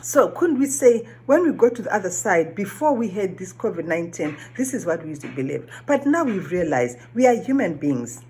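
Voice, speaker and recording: A woman's voice: medium pitch, very animated, brisk, hardly any pauses, darkish tone, a little hiss or hum. A woman whose first language is not English, giving an earnest reflective monologue, often asking questions and repeating phrases. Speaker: vlogger.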